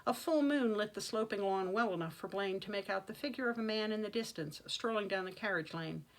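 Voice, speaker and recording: A woman author reading her own fantasy novel aloud with dramatic, expressive narration. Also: mid-range voice, a little fast, low-quality recording. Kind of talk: audiobook-style fantasy reading.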